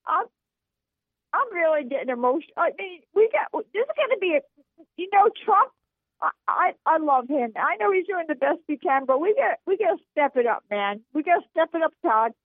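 Woman, crying, very high voice, halting broken speech, tinny phone line, dry. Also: sing-song, dry recording. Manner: halting, broken, tearful phrasing. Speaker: caller. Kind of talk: emotional call-in.

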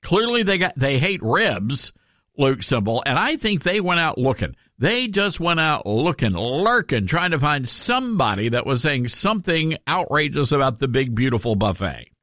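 A man's voice: mid-range voice, sing-song, moderate pace, hardly any pauses, fairly bright tone, no echo, studio quality. A man hosting a political talk radio show, sarcastic and emphatic as he rants and jokes. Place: radio studio.

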